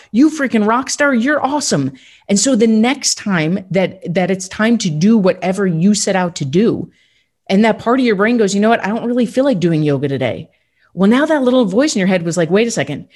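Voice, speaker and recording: A woman's voice: fairly low pitch, darkish tone. A woman hosting a motivational podcast, talking in an upbeat, emphatic coaching tone. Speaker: podcast host.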